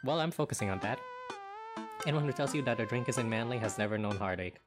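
A man's voice: medium pitch, lively intonation, quick pace. A man doing let's-play commentary, reading game text aloud and joking and swearing casually as he plays. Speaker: gaming YouTuber. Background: loud game music.

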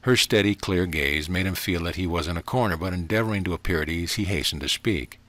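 Man, audiobook reader, very low voice, dry close recording, measured narration. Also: fairly bright tone, no echo. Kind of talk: scripted narration.

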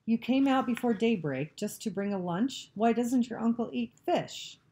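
A woman's voice: a little high, lively intonation, moderate pace, mellow, pitched above the performer's own voice, natural voice. Woman voicing a harsh scornful soldier. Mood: questioning. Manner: barking, contemptuous, snapping. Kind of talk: storybook reading.

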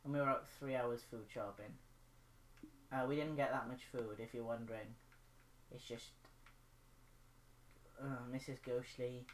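Low-voiced, rambling woman gamer. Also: a little hiss or hum. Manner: rambling, silly and playful, chatting while playing. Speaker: gaming channel host. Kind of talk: casual gaming vlog commentary.

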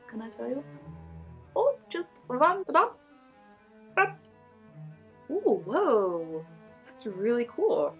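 A woman's voice: on the high side, big pitch swings, drawn-out words, long pauses, a bit bright, soft background music. A young woman vlogger casually unboxing beauty products, gushing and giggling as she reads labels aloud.

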